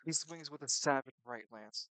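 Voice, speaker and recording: A young man narrating a tabletop game as game master, animated, swinging between loud and quiet and stumbling over his words. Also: medium pitch, moderate pace, no echo, low-quality recording.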